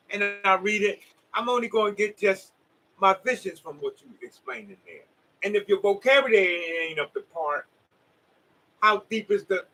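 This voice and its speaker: A man's voice: sits high, sharp tone, poor audio. A man with a Southern US accent giving a rambling, preachy motivational monologue straight to his viewers. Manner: preachy, emphatic, talks straight to the audience. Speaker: vlogger.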